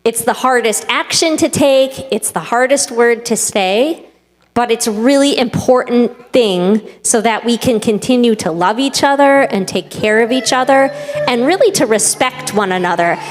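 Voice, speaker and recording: A woman rabbi with a high voice gives a children's sermon. She speaks earnestly and gently. Her voice rings with a long sanctuary reverb. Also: moderate pace, soft background music. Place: synagogue sanctuary.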